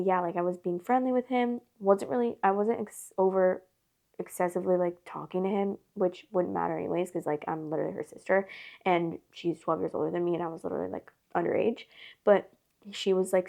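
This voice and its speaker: A woman tells a personal story in casual vlog chat, her voice mellow and low in tone with a gravelly fry running through it. She rambles, circles back and leans on "like" in nearly every phrase. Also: fairly even intonation, a little fast. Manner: rambling, filler-heavy with constant "like". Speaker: storytime host.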